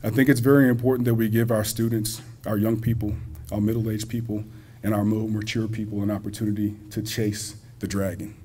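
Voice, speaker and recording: A man's voice: on the low side, level tone, brisk, few pauses, mellow, husky. A man speaking as a college president at a community banquet, folksy and joking, talking directly to the audience. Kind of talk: public speech at a banquet. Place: school hall at a banquet.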